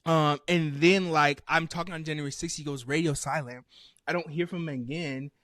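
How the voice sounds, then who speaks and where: A young man co-hosting a podcast, telling a rambling, animated story full of quoted dialogue in casual chat. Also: fairly high pitch, normal speed, no room sound, studio quality. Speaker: podcast co-host.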